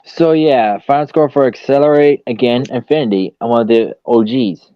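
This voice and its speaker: A man hosting a casual online fan discussion, relaxed and hesitant, with many fillers. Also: mid-range voice, moderate pace, no room sound, highs cut off. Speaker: stream host.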